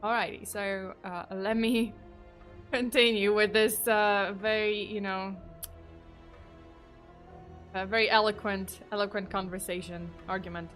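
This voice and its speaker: A woman's voice: medium pitch, level tone, unhurried, pauses often, a bit bright, faint music behind. A woman streamer reading horror stories live who giggles often and breaks off into rambling asides. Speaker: streamer and storyteller.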